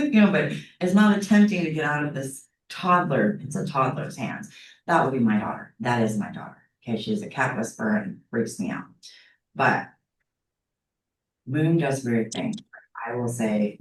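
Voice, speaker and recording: A woman's voice: a bass voice, moderate pace. A middle-aged woman teaching a psychology class in a casual, chatty storytelling way, often checking in with her students. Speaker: psychology instructor. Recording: echoey classroom heard from a distance.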